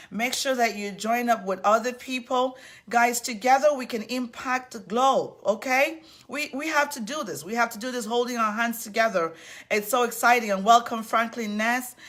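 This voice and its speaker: A woman with a fairly high voice hosts a live online talk series. She is effusive and upbeat, greeting viewers one by one as they join. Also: fairly bright tone. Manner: effusive and upbeat, repeatedly welcoming people. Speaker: host of an online civility series.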